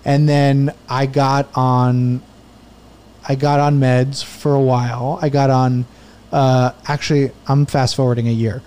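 A man's voice: medium pitch, flat delivery, unhurried, a little mellow, smooth. A man in his thirties, a podcast guest, telling a rambling, profane story in casual chat.

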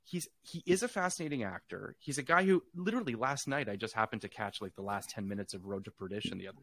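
A man's voice: fairly low pitch, expressive, quick pace, fairly bright tone. A man guesting on a podcast, chatting casually about a film in an opinionated, rambling way and swearing freely.

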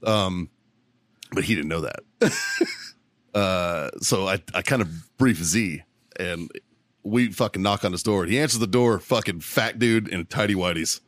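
A man's voice: deep voice, a little slow, a bit bright, no room sound, clean studio sound. A man co-hosting a podcast, telling a story in casual, profane chat and laughing often along the way. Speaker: podcast co-host.

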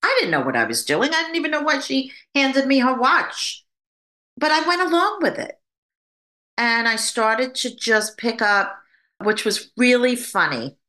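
A woman who works as a psychic medium, telling her story in an interview in an animated way and acting out the voices she quotes. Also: fairly high pitch, measured pace.

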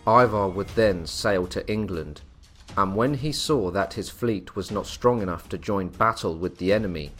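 A man giving a measured, scripted narration of a historical tale. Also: low-pitched. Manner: measured, storytelling delivery. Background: soft music.

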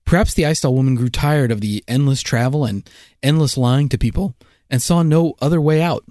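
A man's voice: medium pitch, brisk, dry recording, studio quality. A man co-hosting a casual podcast, telling a mystery with jokes between the facts. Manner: jokey, lively storytelling. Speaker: podcast co-host. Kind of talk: casual joking podcast chat.

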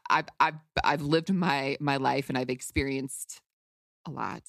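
Woman, low voice, candid, emotional, outspoken, dry close sound. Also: gravelly, dry recording. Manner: candid, emotional, swears freely. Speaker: podcast host. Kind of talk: personal storytelling.

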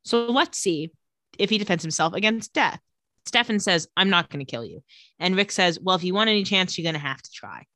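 A woman on a casual podcast recaps a TV episode as a co-host, storytelling lively and slipping into quick character voices for the lines. Her voice is on the low side, recorded dry at studio quality.

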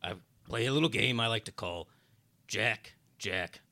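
A man's voice: fairly low pitch, measured pace, vocal fry, sharp tone, no room sound, exaggerated voice. A man playing a teasing male devil who runs rigged quiz games on his captive co-host. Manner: teasing, smug game-show patter.

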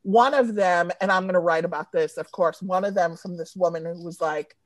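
A woman's voice: on the low side, brisk, no echo. A woman comedy writer chatting casually, telling profane stories and laughing mid-sentence. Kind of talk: casual podcast chat.

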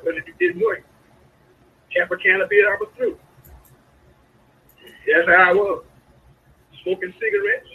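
Husky preacher man with soaring pitch. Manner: call-and-response preaching with sudden high swoops. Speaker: pastor. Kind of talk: sermon. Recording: lo-fi radio broadcast sound.

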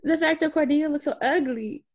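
A woman's voice: high voice, a little fast, darkish tone. A woman co-hosting a podcast, giggly and gushing, in slangy casual chat. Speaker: podcast co-host.

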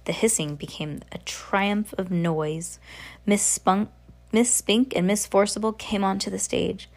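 A woman reading a novel aloud in a steady voice, now and then slipping and correcting herself. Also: mid-range voice. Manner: steady reading with occasional slips and self-corrections. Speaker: audiobook reader.

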